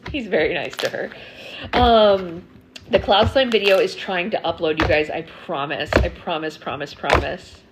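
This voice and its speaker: A woman with a fairly low voice speaks at a moderate pace while hosting a slime livestream, answering viewer comments and filling gaps with frequent ums. The recording is very noisy.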